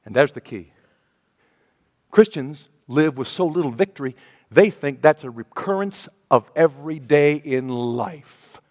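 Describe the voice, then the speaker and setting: A male pastor preaching a sermon, acting out a story with voices and swinging between hushed and loud passages. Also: on the high side, sing-song, normal speed, dry recording, clean studio sound, long reverb tail.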